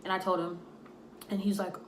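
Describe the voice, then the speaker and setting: A young woman telling a storytime tale in a casual, animated way, acting out the voices of the people in it. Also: on the low side, a little fast. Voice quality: animated, acts out quoted voices. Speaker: storytime vlogger. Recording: echoey room, faint noise.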